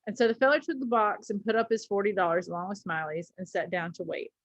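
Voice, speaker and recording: Teacher lady reading a story out loud, chatty asides, middle pitch, dry kinda dull audio. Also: fairly even intonation, fast, no echo. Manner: reads with asides and small slips. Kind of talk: reading a story aloud to a class.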